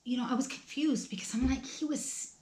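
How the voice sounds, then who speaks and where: A middle-aged woman vlogging about her family's loss, talking in a halting, emotional way with many restarts. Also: high voice, darkish tone, echoey room. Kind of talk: tearful personal vlog talk.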